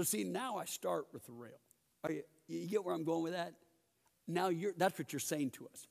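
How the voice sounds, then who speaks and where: A middle-aged man teaching a Bible class in a church building, telling stories and questioning the class in a lively way. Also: fairly high pitch, gravelly, long reverb tail.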